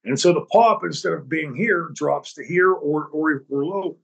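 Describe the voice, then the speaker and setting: A man hosting his own podcast, telling backstage stories in an animated, profane way and acting out the dialogue. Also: a little high, normal speed, vocal fry, breathy edge, muffled recording. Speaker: podcast host. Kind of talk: storytelling podcast talk.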